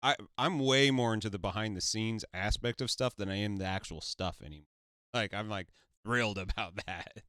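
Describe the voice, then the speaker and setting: A man hosting a casual interview over a video call, relaxed and agreeable, chiming in with short replies and laughing easily. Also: lowish voice, moderate pace, clean tone, no echo, clean studio sound. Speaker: interviewer, show host.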